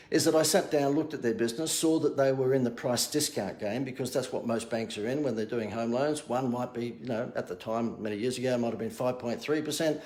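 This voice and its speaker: A man's voice: medium pitch, darkish tone, reverberant. Joking man selling ideas on a live stream. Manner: jokey, self-mocking salesman banter. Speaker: marketing coach. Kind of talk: casual Facebook Live talk. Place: outdoors near a harbour. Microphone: phone camera.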